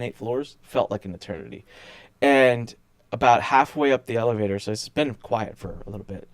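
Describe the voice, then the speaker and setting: Man, business owner guest, casual storytelling, swooping lively pitch, acts out voices, restarts, dry close sound. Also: no room sound. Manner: animated, acts out quoted people, many restarts.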